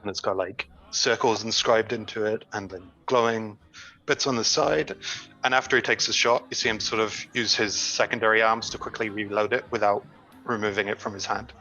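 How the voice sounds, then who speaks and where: Low-voiced man playing a tabletop game. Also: fairly even intonation, fairly quick, pushed and bright, dull audio, faint music behind. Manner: hesitant, describing things with fillers. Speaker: player. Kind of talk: describing his character in a tabletop game.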